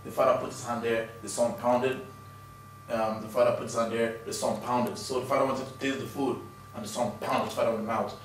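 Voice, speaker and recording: A man's voice: mid-range voice, flat delivery, brisk, a little hiss or hum. Loose-talking man. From Africa. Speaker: stand-up comedian. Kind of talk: casual interview talk.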